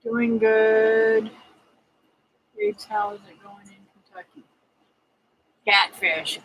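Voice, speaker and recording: Chatty bright-voiced woman greeting viewers. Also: on the high side, steady tone, takes it slowly, pauses often, rough recording. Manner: chatty, greets viewers by name, many fillers. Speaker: homesteading livestream host. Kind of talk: casual livestream chat reading viewer comments.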